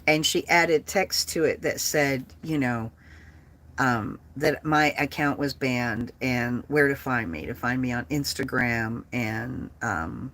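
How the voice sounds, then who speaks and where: A woman in her late fifties talks bluntly and with profanity to viewers in a casual livestream chat. Her voice is low and a bit bright.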